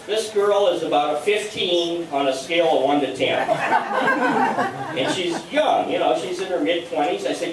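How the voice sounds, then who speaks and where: An older retired man telling a chatty, animated anecdote to listeners, acting out both sides of the conversation. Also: on the high side, measured pace, crowd noise. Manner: chatty, animated, with repeated quoted dialogue. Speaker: storyteller. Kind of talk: casual anecdote told to listeners. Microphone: handheld video camera some distance away. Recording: echoey room, distant mic, background noise.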